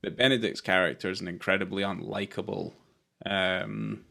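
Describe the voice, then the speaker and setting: A man with a low, gravelly voice, talking casually on a podcast about a film he didn't enjoy. He rambles, restarts his sentences and swears freely as he goes. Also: fairly even intonation, moderate pace, pushed and bright. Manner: rambling, self-interrupting, sweary. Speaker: podcast co-host. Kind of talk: casual film review chat.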